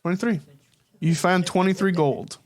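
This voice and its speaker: A man's voice: a little high, normal speed. A young man narrating a tabletop game as dungeon master, casual and laid-back, swearing freely.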